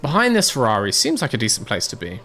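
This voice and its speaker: A man's voice: medium pitch, huge pitch swings, fast, sharp tone. A young British man casually commentating a racing manager game, chatting and answering chat in a rambling, swearing way. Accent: British English. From Britain.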